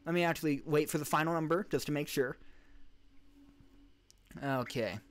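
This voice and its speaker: Rambling streamer man, slightly high voice. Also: normal speed. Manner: rambling, restarts and self-corrections while reading chat. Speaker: podcast host and live streamer. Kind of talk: casual live-stream Q&A. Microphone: streaming desk mic.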